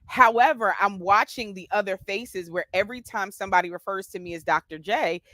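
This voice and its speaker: Woman, guest on a live stream, storytelling, filler-heavy, animated, dry sound. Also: medium pitch, brisk, dry recording. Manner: animated, many fillers and restarts. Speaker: guest with a doctorate.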